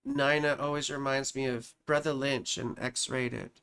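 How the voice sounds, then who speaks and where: A woman's voice: a bass voice, steady tone, measured pace, fairly bright tone, clear, resonant tone. A woman astrologer hosting a live stream, reading viewers' charts in a chatty, affectionate way and calling them sweetheart and darling. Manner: thinks aloud while searching for charts.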